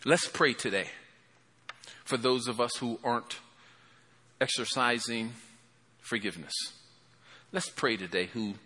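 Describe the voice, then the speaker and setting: A man preaching an impassioned sermon in a church hall, swelling loud then dropping to a hushed prayer. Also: mid-range voice, unhurried, long pauses. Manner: impassioned, rising and falling, calls for amen.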